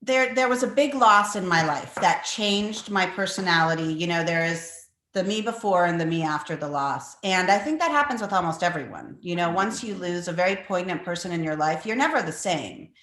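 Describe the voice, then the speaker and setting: A woman's voice: on the low side, animated, brisk, few pauses, a bit bright, reverberant. A middle-aged woman, a cookbook author, answering interview questions in a rambling, chatty way full of fillers, over a video call.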